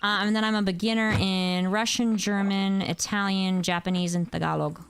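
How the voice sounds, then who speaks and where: A woman's voice: medium pitch, steady tone, normal speed. A young woman chatting casually on a gameplay stream, rambling and answering her chat, with faint music behind her.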